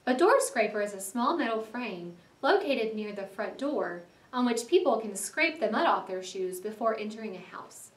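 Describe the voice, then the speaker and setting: A woman teacher reading a story aloud for a class in an expressive way, stopping to explain words. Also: a little high, normal speed, hardly any pauses, echoey room, far from the mic. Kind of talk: read-aloud lesson narration.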